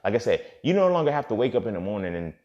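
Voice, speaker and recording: A man's voice: on the low side, big pitch swings, very fast, a little mellow. A man hosting a casual motivational monologue, talking in profane street slang and often asking "you feel me". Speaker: podcast host. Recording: dull lo-fi recording.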